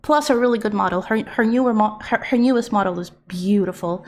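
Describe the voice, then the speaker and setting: A young woman streaming live, chatting casually in an excitable, giggly, easily flustered way. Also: mid-range voice, fairly quick.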